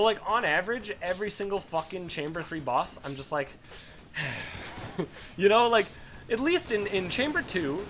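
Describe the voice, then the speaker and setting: A young man hosting a let's play, rambling through casual gameplay commentary, swearing freely with excitable bursts. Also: high voice.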